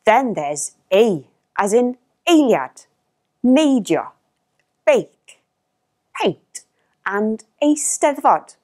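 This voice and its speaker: Slow, lively female language teacher. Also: a little high. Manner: clear, careful, models pronunciation. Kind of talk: scripted lesson narration.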